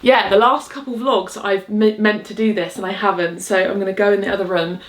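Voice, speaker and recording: A young woman talks to the camera at home in a relaxed vlog. She rambles cheerfully through her thoughts, full of fillers and asides, at a medium pitch. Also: brisk. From England. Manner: chatty, upbeat, rambling with frequent fillers and laughs. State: out of breath. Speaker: vlogger. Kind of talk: casual chat. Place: home, cottage.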